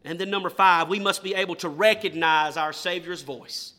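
A man preaching a sermon in church, moving from loud, emphatic declarations to slow, hushed questions to the congregation. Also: high voice.

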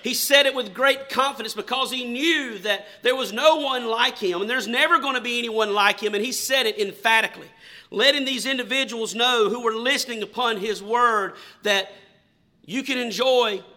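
A male pastor delivers a sermon in a high voice with a very sharp, bright edge. He preaches emphatically and questions his congregation. He also reads scripture aloud. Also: moderate pace.

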